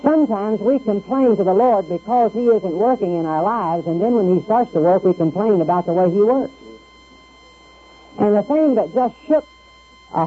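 A man preaching a radio sermon in a conversational way, with hesitant restarts and lively quoted voices. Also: high voice, slightly rough. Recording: tinny phone-like radio broadcast with faint music.

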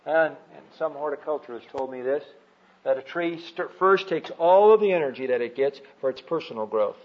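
A man's voice: a little high, lively intonation, moderate pace. A man teaching from the Bible, who asks rhetorical questions and answers them himself. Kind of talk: teaching talk. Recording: dull lo-fi recording.

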